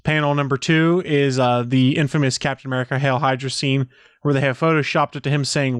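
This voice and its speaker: A man co-hosting a casual podcast, with a smooth, clear voice at an average pitch. He speaks in a laid-back, matter-of-fact way, recorded close and dry. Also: level tone, brisk, dry recording. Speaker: podcast co-host.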